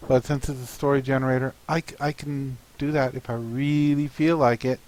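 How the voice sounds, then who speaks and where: A man's voice: medium pitch, little pitch movement, darkish tone, low-quality recording. A man, a comic artist, thinking aloud in a hesitant, musing way while planning a comic. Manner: hesitant and musing, with many pauses and fillers.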